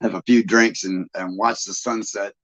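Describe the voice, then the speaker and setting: A man's voice: on the low side, fairly even intonation, moderate pace, fairly bright tone. A man from Michigan hosting a live stream, chatting casually and folksily with viewers and laughing often. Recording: dull lo-fi sound.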